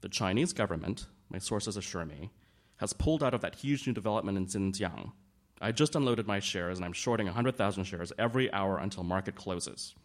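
A portly, smug tycoon, played by a male narrator in a low, comfortable voice. He drops his news with easy, self-satisfied cheer. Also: brisk, close to an everyday voice. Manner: smug, jovial, knowing.

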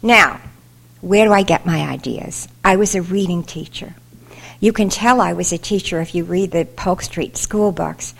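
Older woman, author talk, humorous, animated storytelling, reading aloud. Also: lowish voice, moderate pace, vocal fry. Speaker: children's author visiting a school.

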